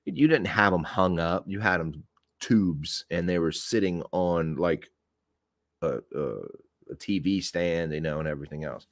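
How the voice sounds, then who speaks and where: A man in his forties hosting a podcast, telling a story in a casual, animated way with laughs and swearing. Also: low-pitched, unhurried, no room sound, clean studio sound. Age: 40s. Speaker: podcast host.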